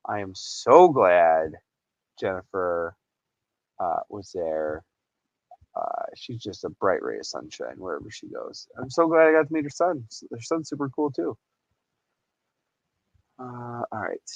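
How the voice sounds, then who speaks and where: A man's voice: lowish voice, gravelly, no room sound, dull audio. A man hosting a casual livestream, chatty and rambling, laughing often and reading out chat messages. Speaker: livestream host.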